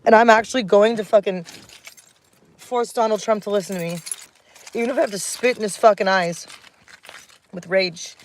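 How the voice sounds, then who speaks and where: A woman in her thirties livestreaming from home at night, talking bluntly and heatedly with lots of swearing, and cooing baby talk to her dog. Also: mid-range voice. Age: 30s. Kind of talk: casual livestream rant.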